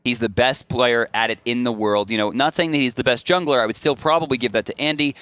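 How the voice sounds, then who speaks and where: A young man calls an esports draft in a playful, teasing way and laughs easily. His voice sits at an ordinary middle pitch. It sounds close and dry, with no room around it. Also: quick pace, a bit bright, smooth, no room sound. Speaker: esports caster. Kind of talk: joking esports commentary.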